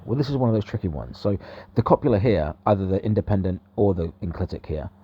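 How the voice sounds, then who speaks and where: A man giving a measured, explanatory video lesson on grammar. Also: sits low, lively intonation, slightly rough, dull audio. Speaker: language teacher.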